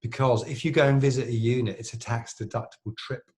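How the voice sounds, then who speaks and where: A man's voice: medium pitch, fairly even intonation, quick pace, darkish tone. A middle-aged man, a plastic surgeon co-hosting a podcast, telling long anecdotes in casual chat with lots of fillers and restarts.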